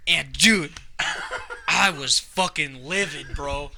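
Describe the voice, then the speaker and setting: A man's voice: on the high side, slow, gravelly, background noise. A man in his twenties on a casual podcast, telling stories with lots of swearing and acting out arguments. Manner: animated, profane, acts out quarrels. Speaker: podcast co-host. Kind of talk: casual storytelling chat.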